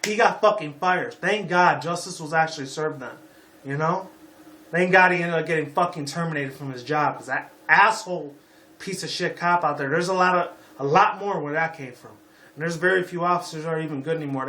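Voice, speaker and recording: A man in his twenties from Las Vegas rants on his YouTube vlog, rambling, swearing, and saying "you know" over and over. He speaks briskly in a voice on the high side, pushed and bright, and the sound is roomy.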